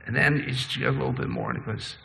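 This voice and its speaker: A man preaching a sermon, shifting between slow, low passages and quicker, higher ones. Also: huge pitch swings, vocal fry, bright, forceful tone, big-room sound, slight background noise. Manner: preaching with sweeping pitch and pace changes. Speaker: pastor.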